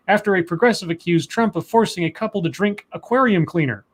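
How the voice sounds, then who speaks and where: Stream co-host, male, slightly high voice, rambling and chatty, casual news reader. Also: fast, few pauses, breathy edge. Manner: rambling, chatty, trails off with fillers. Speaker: co-host reading news stories. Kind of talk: casual livestream chat.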